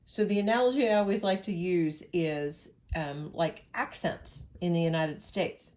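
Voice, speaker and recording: A woman from Pennsylvania delivers a recorded lecture, working through a heart rhythm strip out loud. Her voice sits a little low, and she talks in a relaxed, conversational way, leaning on analogies and side remarks. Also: unhurried. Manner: conversational, explains with analogies and asides. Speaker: nursing instructor.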